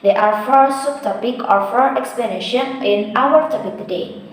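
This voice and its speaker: A woman's voice: fairly high pitch, normal speed. A young woman with an Indonesian accent, reading out a class presentation as a student presenter. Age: young adult. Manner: reads names and lists in a steady rhythm. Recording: strong echo.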